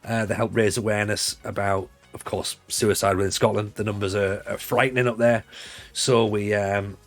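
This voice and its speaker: A man in his forties with a Northeast English accent chats loosely on his livestream, drifting from thought to thought with easy laughs. His voice sits on the low side. Faint music plays in the background. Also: level tone, normal speed. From Northeast England. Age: 40s. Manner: rambling, chatty, laughs easily. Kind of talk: casual chat on a livestream.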